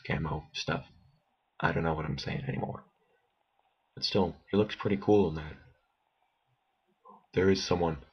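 Low husky man muttering game commentary. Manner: muttering to himself, bursts of alarm at enemies. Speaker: gameplay commentator. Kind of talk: let's play commentary.

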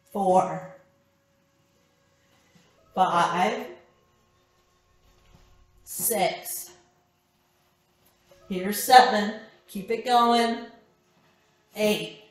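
A woman's voice: mid-range voice, extremely slow, long pauses, far from the mic. A woman instructor leading a core workout class, counting reps and calling out short cues. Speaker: fitness instructor. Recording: echoey room with background music.

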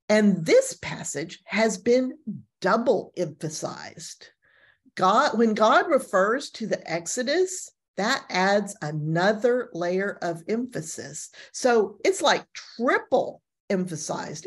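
A woman pastor teaching a gentle Bible class, telling the story with lively emphasis and casual asides. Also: mid-range voice, breathy edge.

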